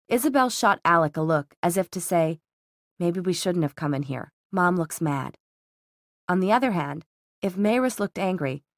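A woman narrating an audiobook in a steady, even storytelling manner. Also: lowish voice, no echo, clean studio sound. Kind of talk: scripted narration.

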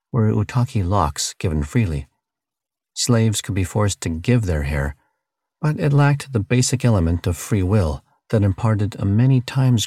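A man narrating an audiobook in a steady, measured reading. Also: sits low, husky, no echo, studio quality. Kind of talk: scripted narration.

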